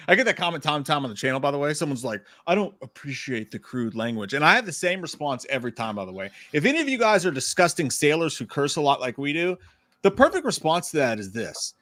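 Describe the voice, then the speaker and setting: A man co-hosting a casual livestream chat, excitable and profane, quick to laugh. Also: fairly high pitch, dry recording, studio quality. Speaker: co-host.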